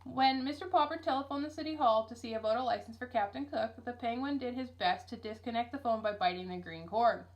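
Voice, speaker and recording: A woman teacher reading a children's book aloud, expressive and shifting her voice for each character. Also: fairly high pitch, brisk, few pauses, muffled recording. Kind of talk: read-aloud storybook narration with character voices.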